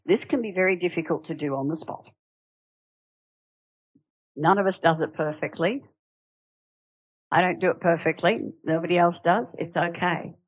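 A woman's voice: low voice, dry recording, low-quality recording. A woman preaches a sermon. She talks conversationally and with animation, asking rhetorical questions, and the recording is close and dry.

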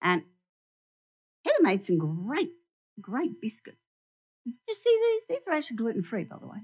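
A woman giving an animated sermon in a church, asking the congregation questions and showing them props. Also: fairly high pitch, moderate pace, husky. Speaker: church speaker. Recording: dull lo-fi recording.

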